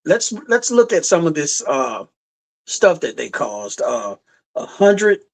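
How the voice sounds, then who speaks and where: A man's voice: fairly high pitch, very animated, slow, gravelly, rough recording. A middle-aged man hosting a live sports podcast, rambling and emphatic, repeating his points. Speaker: podcast host. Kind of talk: casual sports talk.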